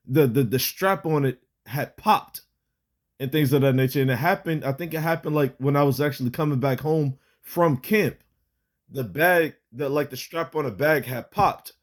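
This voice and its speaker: A young man of medium pitch gives a casual spoken religious testimony, rambling along with many fillers, restarts and casual swearing.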